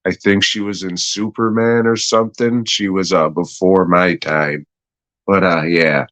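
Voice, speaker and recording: A man's voice: sits low, fairly even intonation, unhurried, fairly bright tone, no echo, low-quality recording. A young man casually reviewing a TV episode, laid-back, meandering and swearing a lot. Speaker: podcast host reviewing a TV episode. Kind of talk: casual, profane review chat.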